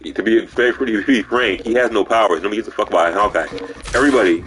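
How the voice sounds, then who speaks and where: A man's voice: fairly low pitch, fast talker, a bit bright. A man streaming a video game live, giving profane, rambling commentary as he plays.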